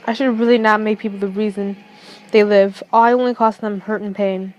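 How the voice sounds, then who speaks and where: A young woman reading a first-person fan fiction story aloud, haltingly, with restarts. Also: medium pitch, highs cut off.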